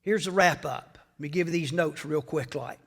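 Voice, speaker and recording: A man pastor preaching a sermon in a call-and-response style, swinging from hushed tones up to loud peaks. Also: a little high, moderate pace.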